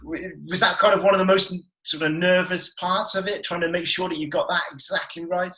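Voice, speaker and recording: Man, interviewer, conversational questions, bright tense voice, echoey room. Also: high voice, steady tone, brisk. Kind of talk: casual interview. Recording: roomy echo.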